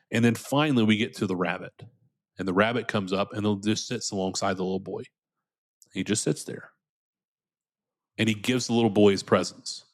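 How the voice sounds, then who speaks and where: A man's voice: lowish voice, steady tone, normal speed, pauses often. A man in his thirties speaking earnestly as a podcast guest, often repeating his first words as he starts a sentence. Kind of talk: candid conversational interview.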